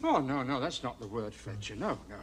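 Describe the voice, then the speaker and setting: An actor playing a soft, anxious prison officer in a 1970s sitcom. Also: male voice, mid-range voice, very animated, brisk, very noisy, natural voice. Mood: placating. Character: mild fretful male prison officer.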